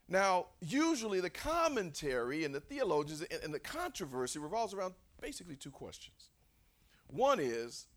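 A man preaches an animated sermon and keeps putting questions to his congregation. His pitch is fairly high and swings widely, and his voice is bright and forceful.

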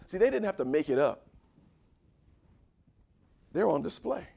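A male pastor preaching a sermon, who swings from quiet asides to shouted, drawn-out lines and leads the congregation in reading scripture aloud. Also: on the high side, sing-song, creaky.

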